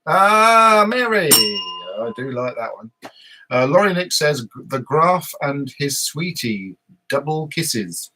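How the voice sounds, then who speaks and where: A man's voice: fairly high pitch, very animated, takes it slowly, pushed and bright, slight background noise. A man hosting a casual live podcast, recapping an episode in a meandering way with frequent hesitations. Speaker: podcast host.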